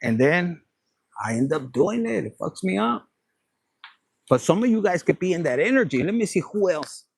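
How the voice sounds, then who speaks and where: A man's voice: high voice, very animated, normal speed, vocal fry, slightly rough, no echo. A man giving a casual tarot reading, playful and profane, dropping Spanish phrases. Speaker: tarot reader.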